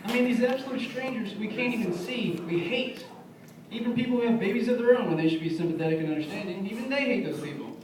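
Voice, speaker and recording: A man's voice: high-pitched, animated, fast talker, background noise. A young man doing a stand-up comedy set, telling stories in a loose, conversational way and acting out his friends' lines. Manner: conversational storytelling, acts out friends' quotes. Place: bar music venue. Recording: echoey, distant room mic. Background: audience laughter.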